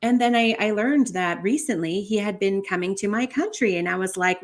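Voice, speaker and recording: A woman, a podcast guest, telling a personal story in an animated way with many fillers. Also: mid-range voice, normal speed, few pauses. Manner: animated, many fillers like 'like' and 'you know'.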